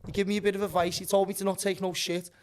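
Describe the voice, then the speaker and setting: Scouse guy, pretty high voice, swears a lot, rambling animated storytelling. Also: racing, clean tone. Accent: Liverpool (Scouse). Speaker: guest, band singer. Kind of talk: casual storytelling.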